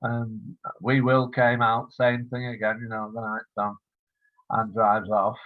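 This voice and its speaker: A man's voice: medium pitch, flat delivery, measured pace, no echo. A man in his seventies, a writer being interviewed, rambling through an anecdote and acting out the dialogue. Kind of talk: casual storytelling interview. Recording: tinny phone line.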